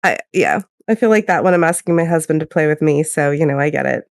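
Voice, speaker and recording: A woman's voice: low-pitched, fast talker, creaky, no echo, studio quality. A woman on a casual podcast, agreeable and encouraging as she chats.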